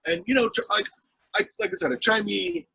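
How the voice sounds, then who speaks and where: A man's voice: sits high, very animated, fast, gravelly, bright, forceful tone, breathy edge, poor audio. A man, an actor and comedian, rambling animatedly in a casual interview chat and acting out the people he quotes.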